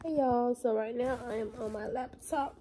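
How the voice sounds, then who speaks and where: A young woman chats straight to camera in a blunt, profane, slangy vlog, her voice sitting a little high. Steady background noise from the car and surroundings runs under her talk. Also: normal speed. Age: young adult. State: stressed, near tears. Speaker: vlogger. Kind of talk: casual vlog chat.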